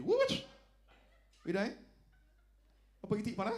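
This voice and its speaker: A man performing a stand-up comedy set, telling loud, animated stories and dropping into low asides. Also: normal speed, pauses often. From Barbados. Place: lounge comedy night.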